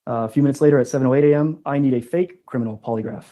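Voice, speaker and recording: A man testifying as a witness in court, calmly reading out a list of items and spelling out words letter by letter. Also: medium pitch, rapid-fire, rough recording. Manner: matter-of-fact, reads items out and spells them.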